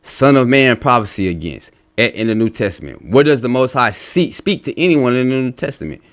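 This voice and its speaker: A man's voice: medium pitch, expressive, fairly quick. Blunt profane man ranting. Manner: lectures while reading out comments. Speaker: religious commentator. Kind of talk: angry reaction rant.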